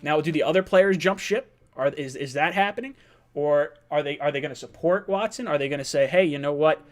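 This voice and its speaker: A young man hosting a sports fan livestream, talking fast and excitedly, thinking out loud with restarts and reading out viewer messages. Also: fairly high pitch. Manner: fast, excitable, thinks aloud with restarts, reads super chats.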